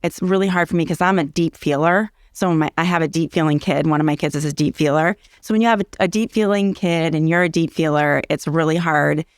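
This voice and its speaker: A woman's voice: low voice, steady tone, a little fast, hardly any pauses, no echo, studio quality. A middle-aged woman explaining parenting in a casual interview, earnest and teacherly, repeating key phrases for emphasis. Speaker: early childhood educator and parenting guest.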